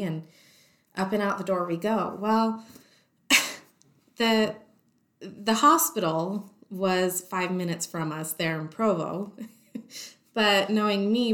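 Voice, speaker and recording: Woman telling a story in a roomy space. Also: mid-range voice. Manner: lively, acts out the voices of people in her story. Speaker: guest telling her story. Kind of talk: personal storytelling. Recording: roomy echo.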